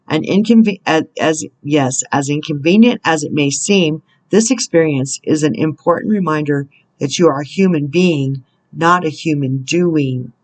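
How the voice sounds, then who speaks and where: A woman's voice: sits low, rough recording. Earnest woman reading a spiritual message. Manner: earnest, pauses to correct herself and exclaim. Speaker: spiritual counselor and card reader.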